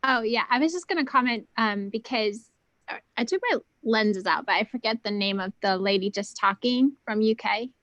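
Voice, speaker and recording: A woman chatting as a guest on a video call, rambling with lots of "like" and "um" and at times dropping her voice to a hush. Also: a little high, moderate pace, no echo, dull audio. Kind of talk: casual video call chat.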